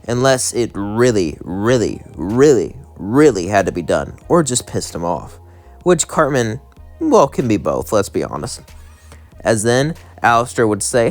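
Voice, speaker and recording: A young man rambles through a fan story with casual asides. His pitch rises and falls a lot, and faint music plays behind him. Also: sing-song, unhurried.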